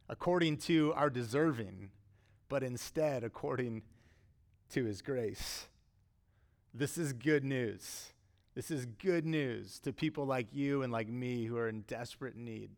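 A middle-aged male pastor delivers a sermon in an earnest, conversational way. His voice sits at an ordinary pitch, and he lifts it for emphasis before dropping back to a quiet, reflective tone.

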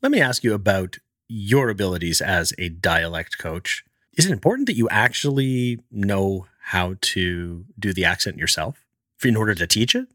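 A man hosting an interview show, affirming his guest and asking direct questions in a measured way. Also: low voice, lively intonation, bright, forceful tone, no room sound, studio quality. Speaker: podcast host. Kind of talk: interviewer in conversation.

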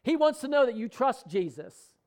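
A man's voice: very high-pitched, big pitch swings, normal speed, darkish tone. A middle-aged man preaching a sermon in a conversational way, asking the congregation questions and speaking out example prayers. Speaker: pastor.

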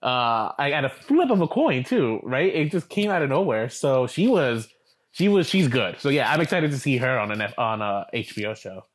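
Chatty male podcast co-host, animated and joking, mid-pitched voice. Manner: chatty, animated, quick to joke. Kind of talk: casual chat.

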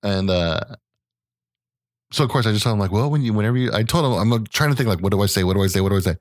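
A man's voice: lowish voice, expressive, very fast, no room sound, studio quality. A man, a podcast co-host who streams, telling a story in casual chat and swearing freely.

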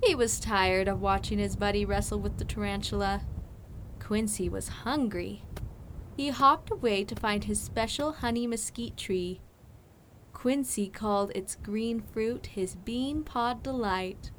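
Woman narrator, children's audiobook, very unhurried, clear storytelling, mid pitch. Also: slight background noise, poor audio.

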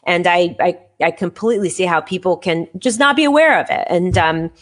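A woman hosting an interview show who talks reflectively and is self-deprecating, with many halting restarts. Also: on the low side. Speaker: show host. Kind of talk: casual interview chat.

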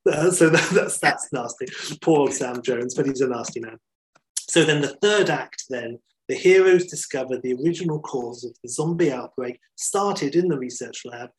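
A man's voice: mid-range voice, normal speed, poor audio. A man, a podcast host, telling a story in enthusiastic, chatty talk with many fillers. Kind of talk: casual storytelling chat.

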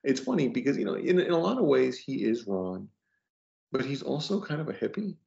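A man's voice: mid-range voice, big pitch swings, brisk, gravelly, a little mellow. A man chatting casually as a podcast guest, rambling with lots of fillers and restarts. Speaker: podcast guest, comic book letterer. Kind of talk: casual chat. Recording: dull lo-fi audio.

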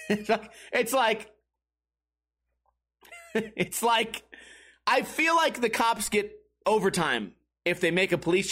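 A young adult man chatting casually on a comedy podcast, animated and profane, laughing often and jumping into sudden high exclamations. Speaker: podcast co-host.

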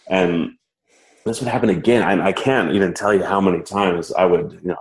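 Brief: low-voiced man, lively self-mocking storyteller, roomy echoey recording. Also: fast talker. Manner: animated, self-mocking, laughs while telling. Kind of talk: casual personal storytelling. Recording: roomy echo.

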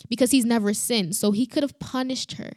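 A woman's voice: fairly high pitch, fairly even intonation, darkish tone, no echo. Woman talking through a bible passage, earnest, stops and restarts a lot, gets emotional, dry close sound. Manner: earnest, halting, many restarts and "you know". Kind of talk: personal Bible reflection.

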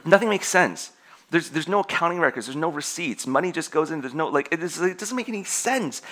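A young adult man preaching a sermon to his congregation in an animated way, laughing often and restarting his sentences. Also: on the high side, fairly quick. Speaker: pastor.

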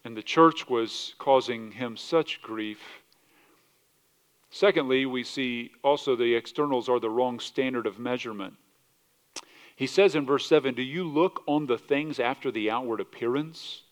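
A male pastor preaching a sermon, animated, asking rhetorical questions and often restarting his words. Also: medium pitch, measured pace. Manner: animated, rhetorical questions, acts out quoted voices; repeats words and restarts mid-sentence.

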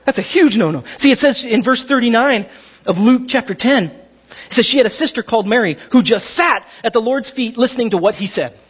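A man preaching a sermon in a lively, conversational way, acting out the voices of the people in his story. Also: very high-pitched, fairly quick, slightly rough, lo-fi sound. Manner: animated, acts out voices of characters. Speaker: pastor.

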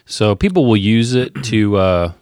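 A man with a low voice co-hosts a podcast in a relaxed, joking way. He teases his partner and laughs easily. The sound is dry and close. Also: a little slow, clear, resonant tone, dry recording. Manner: joking, playful. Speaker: podcast co-host. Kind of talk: casual chat.

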